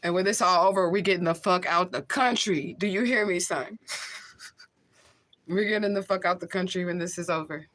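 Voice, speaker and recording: A woman's voice: fairly low pitch, moderate pace, a bit bright. A woman talking casually into the camera on a livestream, emotional and blunt, swearing freely and laughing often.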